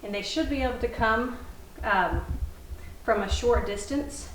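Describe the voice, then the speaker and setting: A woman dog trainer explaining puppy commands in a calm teaching manner, softly praising the puppy between steps. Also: on the high side, moderate pace. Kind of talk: instructional demonstration. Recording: echoey room, faint noise.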